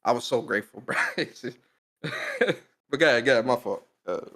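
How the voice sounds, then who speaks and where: A man's voice: mid-range voice, huge pitch swings, normal speed, fairly bright tone. A young man co-hosting a podcast, telling a personal story in casual slangy chat, laughing often. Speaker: podcast co-host.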